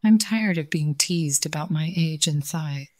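A woman voicing a young male bear cub who is kind and gently teasing, in a children's storybook reading. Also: low-pitched, measured pace, no room sound, clean studio sound. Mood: earnest.

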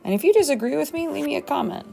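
A woman's voice: high-pitched, lively intonation, racing, gravelly, dark tone, faint music behind. A woman teacher thinking aloud as she writes a journal entry for her students, musing and talking to herself. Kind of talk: thinking aloud while writing a journal demo.

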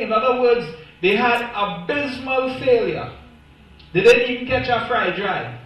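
A man's voice: very high voice, normal speed, fairly bright tone. A man preaching a sermon as pastor, emphatic and stressing single words, recorded from a distance in a church. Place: church sanctuary. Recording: echoey church, voice from far off.

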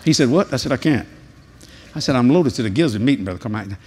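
An older man, preaching a sermon in a folksy, animated storytelling way at a large convention. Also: mid-range voice, fast talker, a little hiss or hum.

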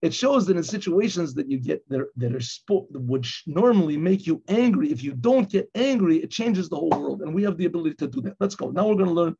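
A man who is a rabbi, teaching a Torah class and telling a personal story, acting out shouted quotes along the way. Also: on the high side, animated, fairly quick, vocal fry, few pauses, husky. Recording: dull lo-fi recording.

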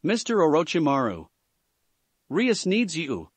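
A man voicing an eager, earnest young male fighter who talks with excitable enthusiasm. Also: a little high, measured pace, slightly rough, no echo, full character voice.

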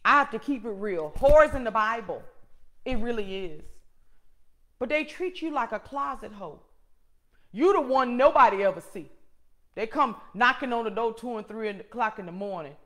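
A middle-aged woman hosting her own show, preaching a personal testimony in an emphatic way that swings from loud to hushed. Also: fairly high pitch, animated, moderate pace. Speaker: host and motivational speaker.

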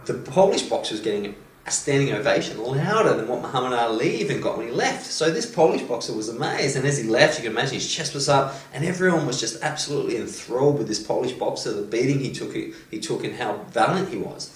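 A man, a motivational coach, retelling a story with animated delivery and many "you know"s and "um"s. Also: medium pitch, fast talker. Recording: roomy echo, distant mic.

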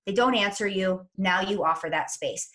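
A woman's voice: medium pitch, moderate pace, fairly bright tone. Woman parenting coach giving advice. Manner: upbeat, instructive, acts out what parents say to kids. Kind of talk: podcast interview advice.

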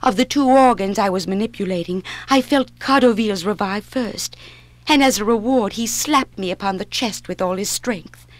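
In a 1960s spoken-word drama recording, an actress plays a young woman narrating her own ordeal in a steady, grave voice. Her delivery is natural, medium-pitched and at normal speed, with no echo.

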